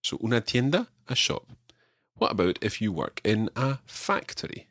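A man teaching a podcast language lesson, drilling his learner with clear repeated phrases. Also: fairly low pitch, very animated, moderate pace, fairly bright tone, dry recording, clean studio sound.

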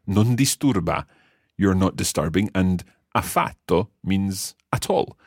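Male teacher, low husky voice, lively intonation, patient step-by-step explainer. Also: measured pace, no echo, studio quality. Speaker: language teacher. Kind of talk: podcast language lesson.

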